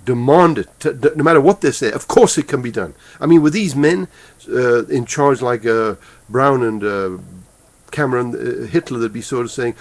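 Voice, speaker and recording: Angry gravelly man ranting. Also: mid-range voice. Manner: angry, heated, halting with repeats. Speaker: political commentator. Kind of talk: impassioned political rant to camera. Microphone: webcam microphone.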